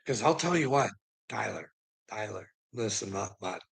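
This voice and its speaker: Speaking at a normal pace in a fairly low, creaky voice with a breathy edge, this man sounds animated as he rants to his chat. He swears often, laughs constantly, and teases people by calling them bud.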